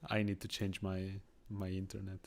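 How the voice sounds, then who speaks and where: Gravelly-voiced Swiss man streaming chess. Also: low voice, completely flat delivery, normal speed, a little mellow. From Switzerland. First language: not English. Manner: chatty, thinks aloud, reads chat and greets viewers. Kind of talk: casual live-stream commentary.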